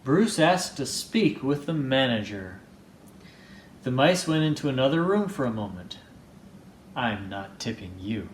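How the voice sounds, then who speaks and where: A man reading a children's picture book aloud, slow and playful, doing voices as he goes. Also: roomy sound, a little hiss or hum. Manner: slow, expressive, playful read-aloud with lively pitch. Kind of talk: storybook read-aloud with voices.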